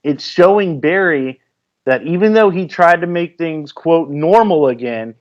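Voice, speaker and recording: A man co-hosting a film review podcast, carefully laying out plot details in a casual way. His voice sits slightly high. The sound is dull and lo-fi. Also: animated, measured pace. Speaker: podcast co-host.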